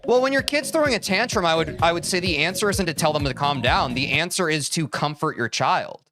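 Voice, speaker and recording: A man's voice: on the high side, lively intonation, fairly quick. A young man streaming live and talking to his chat in a heated, preachy way, speaking straight to them. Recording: gaming stream with music behind. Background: music.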